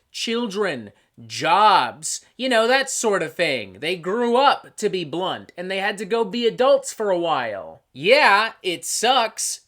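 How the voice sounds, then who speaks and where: A man hosting a metal album review show. He talks in an energetic, scripted monologue full of swearing and sarcastic asides. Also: sits high. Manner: animated, profane, sarcastic asides.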